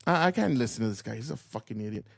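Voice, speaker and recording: Man, gravelly voice, dry close sound, angry profane rant, commentary host. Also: mid-range voice, expressive, very fast, no room sound. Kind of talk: ranting commentary.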